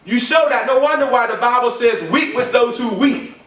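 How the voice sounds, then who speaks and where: A man preaching a sermon, repeating his points with emphasis and building up to shouts. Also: extremely high pitch, normal speed, slight background noise. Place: church or ministry hall. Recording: echoey room from a distant mic.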